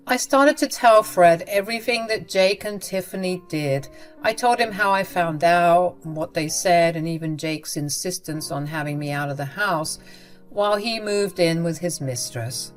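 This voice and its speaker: A woman reading a first-person story aloud in a steady, measured way. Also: on the low side. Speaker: story narrator. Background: faint background music.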